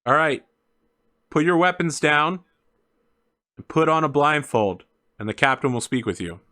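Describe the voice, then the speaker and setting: A man's voice: on the high side, expressive, measured pace, sharp tone, pitched above the performer's own voice. A man voicing a hostile adult male gunman who barks demands at a stranger. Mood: menacing. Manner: barking, aggressive, keeps calling him asshole.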